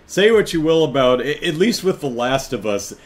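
A man's voice: a little high, big pitch swings, normal speed. A man hosting a casual live podcast chat, rambling, laughing often and correcting himself as he goes. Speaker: podcast host.

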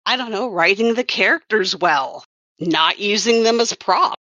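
Bright-voiced woman rambling about comics. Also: medium pitch, animated, unhurried, no room sound, dull audio. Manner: rambling, self-correcting, wry. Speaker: comics writer and colorist. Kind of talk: casual podcast chat.

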